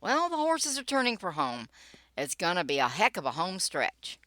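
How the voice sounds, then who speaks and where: An older woman with a fairly low voice reads her own political blog post, dropping wry, sarcastic asides along the way. Her pitch swings widely from line to line, and the recording is close and dry, with no room sound. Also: wildly swooping pitch, moderate pace, fairly bright tone, no echo. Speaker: political blogger and podcaster.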